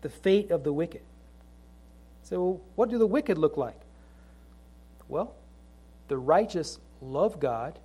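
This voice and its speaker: A middle-aged man delivers a sermon in a notably high voice. He moves between relaxed, chatty family anecdotes and slow, weighty lines where he repeats phrases for emphasis. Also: slightly rough. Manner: conversational storytelling with slow emphatic scripture lines. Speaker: pastor.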